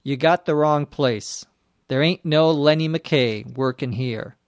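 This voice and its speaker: A man voicing a shifty male bartender who brushes off questions quickly. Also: a little high, no room sound, studio quality. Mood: dismissive. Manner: quick, dismissive.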